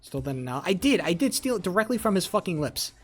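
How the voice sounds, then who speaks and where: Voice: medium pitch, big pitch swings, fast, breathy edge, soft background music. A live streamer in a casual political rant, heated and profane, repeating phrases for emphasis and answering chat. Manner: talks back to chat messages.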